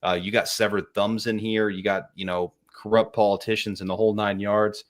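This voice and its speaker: Guy on a movie podcast, kinda low voice, rambles happily with lots of um and you know. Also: flat delivery, a little fast. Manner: enthusiastic, rambling, lots of fillers. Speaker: podcast co-host. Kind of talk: casual chat.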